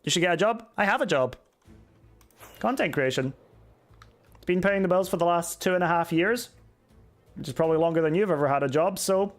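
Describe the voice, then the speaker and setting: High-voiced sarcastic young male streamer. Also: fairly quick, long pauses, soft background music. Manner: sarcastic, swears, answers chat. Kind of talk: casual live-stream chat while gaming.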